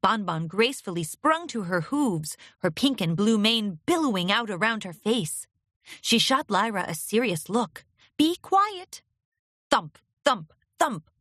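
A woman narrating a pony fan fiction story aloud in a steady, expressive storytelling manner. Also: mid-range voice, moderate pace, no room sound, studio quality.

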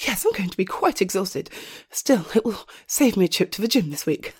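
Breathy woman, panting, half-whispered. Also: medium pitch, very animated, moderate pace. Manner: breathy, moaning, often drops to a whisper. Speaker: audio role-play performer. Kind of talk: adult audio role-play.

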